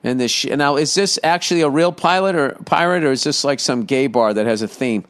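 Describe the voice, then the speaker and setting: A man's voice: mid-range voice, a little fast, fairly bright tone. A middle-aged man hosting a casual solo podcast. He reads listener letters aloud, breaks off mid-sentence and adds profane, sarcastic jokes. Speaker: podcast host.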